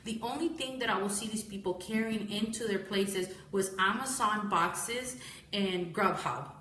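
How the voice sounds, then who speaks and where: A woman's voice: mid-range voice, measured pace, fairly bright tone, a little hiss or hum. Tired woman business owner talking casually to a live-stream audience, chatty and self-correcting, roomy echo. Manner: rambling, self-correcting, addresses viewers as guys.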